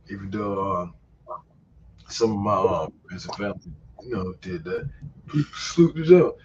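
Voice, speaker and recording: A man in casual chat, laid-back and slangy, often pausing with fillers. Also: fairly low pitch, very animated, darkish tone. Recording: dull lo-fi sound, faint background noise.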